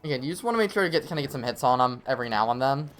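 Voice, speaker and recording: A man's voice: medium pitch, animated, very fast, fairly bright tone, faint music behind. A young man streaming a game live, explaining tactics casually with frequent laughs and fillers. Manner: chatty, laughs often, many fillers. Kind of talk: live gameplay commentary and tips.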